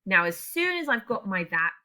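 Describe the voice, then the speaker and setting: A woman's voice: medium pitch, big pitch swings, moderate pace, sharp tone. A woman teaching a language lesson online, explaining step by step and putting questions to her class. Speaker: English teacher.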